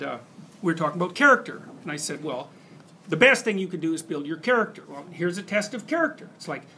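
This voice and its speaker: A man's voice: high-pitched, sharp tone. A middle-aged man giving a university lecture, talking conversationally and acting out examples with quoted inner voices. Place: lecture hall.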